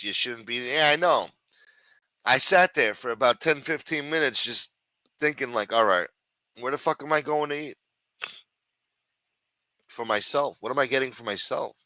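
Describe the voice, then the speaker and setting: His mid-range voice sounds pushed and bright, recorded with no room sound. Hosting a late-night livestream, he chats with viewers in a sing-song manner, trading crude jokes and banter.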